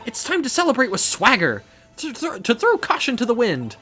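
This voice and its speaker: A high, bubbly young woman bursts with cheerful excitement and gushes breathlessly, as a man does her voice while playing a video game. Her voice swoops up and down with lively energy. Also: fairly quick, faint music behind, exaggerated voice. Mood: playful.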